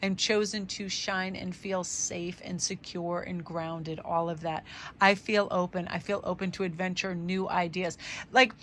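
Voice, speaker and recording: A woman's voice: on the low side, steady tone, a little slow, fairly bright tone, a little hiss or hum. A woman doing a casual tarot vlog, chatty and upbeat, rambling with fillers through affirmations, her voice a little tired. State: voice tiring. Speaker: tarot reader.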